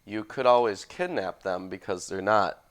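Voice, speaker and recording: A man's voice: on the low side, normal speed. Wry, analytical man in casual discussion.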